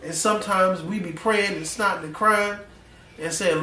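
A male pastor preaching a folksy, animated sermon full of slang, drawing responses from the congregation. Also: fairly high pitch, a little slow, pauses often, a little hiss or hum. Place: church sanctuary. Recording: echoey church room, mic at a distance.

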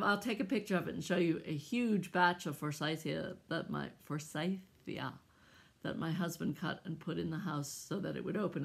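A middle-aged American woman chatting casually to camera about her stitching, husky and congested from allergies, laughing often between asides. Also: on the low side. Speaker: cross-stitch vlogger. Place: at home, indoors.

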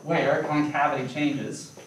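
A man gives a calculus lecture, mixing playful comparisons with quick checks on his students. His voice rings around a roomy hall and sounds distant from the microphone. A faint hum of room noise sits underneath. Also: a little high. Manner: animated, playful explanations with rhetorical questions. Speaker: math lecturer. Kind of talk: classroom lecture.

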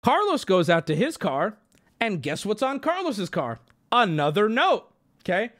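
A man's voice: high voice, sing-song, measured pace, fairly bright tone. A man hosting a livestream, telling a story to his chat in a heated, profane rant. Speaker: livestream host. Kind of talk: casual ranting to chat.

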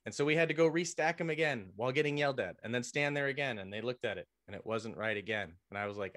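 A veteran of the military, guesting on a podcast, speaks quickly in a medium-pitched, fairly bright voice. He rambles through a long, casual story, frequently starting sentences over, fixing what he said and joking about himself.

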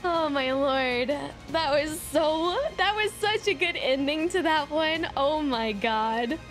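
Giggly high-voiced woman streamer. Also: slow pace, soft background music. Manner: animated, giggly, joking. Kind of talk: game reaction commentary.

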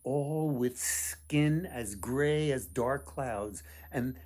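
A man reading a folktale aloud to children, expressive with dramatic pauses. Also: medium pitch. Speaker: author reading his book. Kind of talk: storybook read-aloud.

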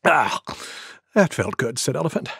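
A man voicing a gentle male goose who reads a cartoon storybook aloud, acting out each animal with big sneezes. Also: mid-range voice, lively intonation, moderate pace, creaky, breathy edge, no room sound, clean studio sound, heavily acted. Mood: storytelling.

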